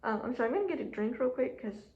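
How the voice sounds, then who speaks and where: A chatty woman with a slightly high voice tells her story casually to camera, full of fillers and quoted inner voices. Her throat is sore. The audio is dull and lo-fi, in an echoey room. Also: rapid-fire, a little hiss or hum. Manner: chatty, animated, with many fillers and quoted self-talk. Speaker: job seeker telling her story. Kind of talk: casual vlog talk to camera.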